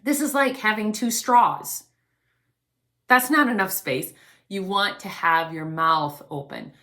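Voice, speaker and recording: Woman giving a gentle singing lesson. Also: mid-range voice, takes it slowly. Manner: gently instructive, demonstrates breaths. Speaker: vocal coach.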